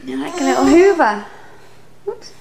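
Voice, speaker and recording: A woman's voice: high voice, very animated, moderate pace, vocal fry. Sing-song young mother cooing to her baby. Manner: sing-song, coaxing and encouraging. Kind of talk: home video baby talk. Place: home, indoors. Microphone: phone camera. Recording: noisy home phone video.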